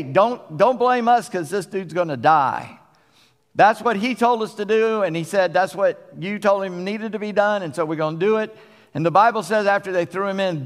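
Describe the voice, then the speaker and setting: A man with a Southern US accent preaching a sermon as a pastor, folksy and conversational. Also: on the high side. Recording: long reverb of a church hall.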